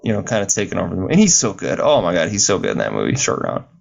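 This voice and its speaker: A man's voice: sits low, huge pitch swings, rapid-fire, vocal fry. A man co-hosting a podcast, chatting casually about films in a playful, teasing, enthusiastic way. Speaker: podcast co-host. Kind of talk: casual film chat.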